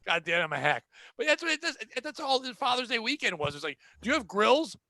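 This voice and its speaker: High bright-voiced ranting man. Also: big pitch swings, moderate pace, no echo. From Connecticut. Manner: profane, exasperated ranting about customers. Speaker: podcast host. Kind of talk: casual ranting chat.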